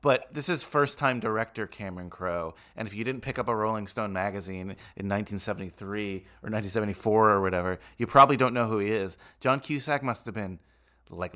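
Bright-voiced man chatting about movies. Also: on the low side. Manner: laughs often, animated retellings. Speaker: podcast co-host. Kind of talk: casual movie discussion.

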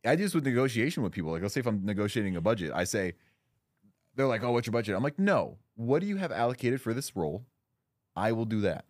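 A man's voice: medium pitch, sing-song, fast, no echo, studio quality. A young man co-hosting a podcast, talking in casual chat with a blunt, emphatic manner and frequent swearing. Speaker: podcast co-host.

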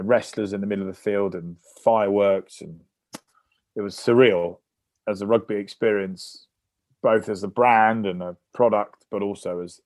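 Man with a low, dry voice. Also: dry recording. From England. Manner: lively anecdotal storytelling. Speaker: guest, former rugby player. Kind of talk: casual podcast interview.

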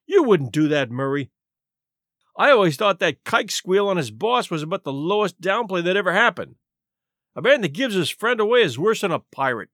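Male reader as gruff ex-cop captain, blunt and loud, storybook. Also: sits high, big pitch swings, moderate pace, no echo, clean studio sound. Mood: dismayed. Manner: blunt, brash, harsh. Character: gruff, hungry ex-police captain, middle-aged man.

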